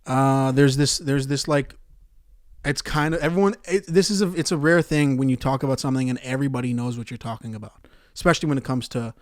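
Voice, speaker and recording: A male comedian ranting through a solo podcast in a mid-pitched voice, cursing freely. He jumps from loud outbursts to low, muttered asides. The sound is dry and close, with no room echo. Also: fast. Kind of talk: comedic rant monologue.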